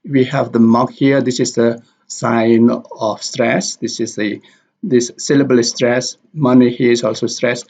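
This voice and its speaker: A man teaching a recorded language lesson, walking through examples on slides in a deliberate, repetitive way. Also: medium pitch, steady tone, darkish tone. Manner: slow, deliberate, repeating examples. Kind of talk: slide-based lecture. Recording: dull lo-fi audio.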